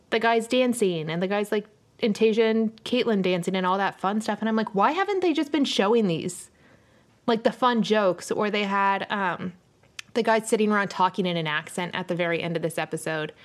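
Chatty woman podcast co-host. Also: medium pitch. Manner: chatty, lots of "like" fillers, recaps reality TV. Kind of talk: casual chat.

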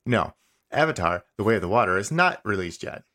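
A man reading the lines of a stubborn, passive-aggressive male AI chatbot in a comedy podcast, insisting he is right and tacking on a deadpan "smiley face". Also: lowish voice, fairly quick. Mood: insistent. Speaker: podcast host. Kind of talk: comedic dramatic reading of a chat log.

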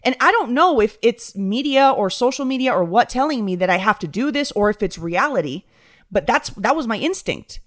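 A young woman co-hosting a casual chat, telling an anecdote in an animated way and acting out quotes. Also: a little high, fairly quick. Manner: animated, acts out quotes in voices. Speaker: podcast co-host.

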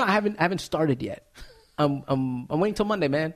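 A man who is a stand-up comedian, telling animated stories with laughs in a casual interview. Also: fairly high pitch, brisk. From United States.

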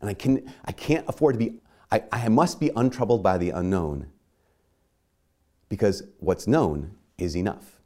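With a self-deprecating, chatty manner, this male preacher acts out brief exchanges in quoted voices during his sermon. He speaks at normal speed, his fairly low voice a little mellow.

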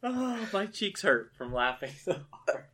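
A man co-hosting a podcast, listening quietly and laughing along in casual chat. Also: sits high, sing-song, a little slow, slightly rough. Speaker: podcast co-host.

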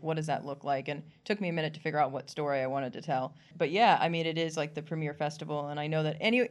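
A woman comedian in an interview, talking casually and animatedly, laughing often and acting out what people said. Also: low-pitched. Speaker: comedian guest.

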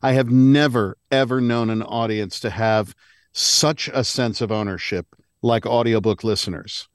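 A man's voice: medium pitch, fairly even intonation, unhurried, no echo, clean studio sound. A man, an audiobook narrator, speaking earnestly and emphatically in a podcast discussion.

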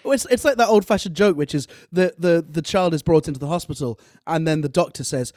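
A man in a casual discussion, animated and jokey as he tells stories. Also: on the high side, quick pace, few pauses, no room sound, clean studio sound.

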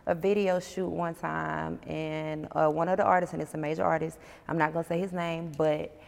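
A Georgia woman, an artist chatting bluntly and profanely in an interview, telling animated stories. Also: low-pitched, normal speed, gravelly, in a large hall. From Georgia, USA. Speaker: musician guest. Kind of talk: casual interview chat. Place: on a porch outdoors.

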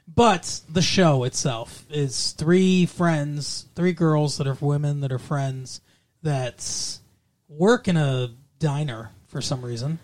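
A man's voice: on the high side, takes it slowly. A man co-hosting a podcast, chatting casually about a TV show with jokes and some swearing. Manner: joking, wisecracking, swears. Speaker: podcast co-host. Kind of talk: casual chat reviewing a TV show.

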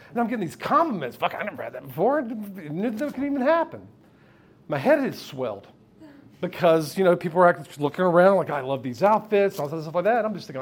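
High-voiced man telling a profane stage story. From United States. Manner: profane, candid, laughing with the crowd. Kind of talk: live personal storytelling. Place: live stage before an audience.

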